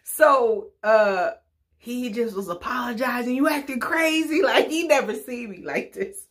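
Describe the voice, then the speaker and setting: A young woman telling a personal story in casual storytelling style, animated, laughing often and making sound effects. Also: fairly high pitch, a little slow. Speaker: YouTube storyteller.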